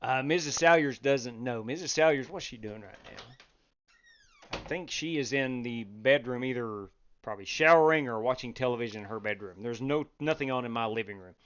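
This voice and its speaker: A man hosting a sim racing league live stream, chatting casually, reading out chat and breaking into loud exclamations. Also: medium pitch, fairly quick, smooth, dull audio. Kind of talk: live-stream race commentary.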